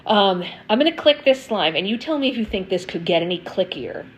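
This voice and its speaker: A woman's voice: medium pitch, lively intonation, a little fast, very noisy. A woman hosting a casual live stream, chatting and answering viewer comments with frequent ums. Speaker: slime livestream host. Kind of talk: casual livestream chat.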